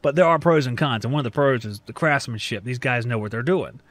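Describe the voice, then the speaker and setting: A man's voice: mid-range voice, fast, no room sound. A man from the American South hosting a trade podcast in a casual, rambling, joking monologue. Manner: joking, rambling, self-deprecating. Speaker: podcast host.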